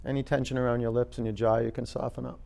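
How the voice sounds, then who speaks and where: A man teaching a yoga class in a studio, giving relaxed cues and talking loosely with fillers. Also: mid-range voice, fast, gravelly.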